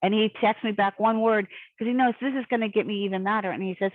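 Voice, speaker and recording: A woman telling a story with lively energy, jumping into other people's voices as she goes. Her voice comes over a thin, phone-like line with no room sound around it, like a video call. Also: mid-range voice, fast talker, few pauses, no echo. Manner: animated storyteller, acts out quoted voices. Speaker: guest. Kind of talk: casual storytelling interview. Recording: tinny phone-like call audio, dry.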